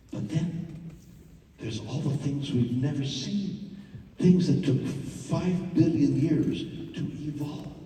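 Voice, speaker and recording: A man giving a theatrical live monologue, swinging from hushed murmurs to loud outbursts, with halting repetitions. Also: a little high. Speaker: stage performer telling a personal story. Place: large theater. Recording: echoey hall, mic far off.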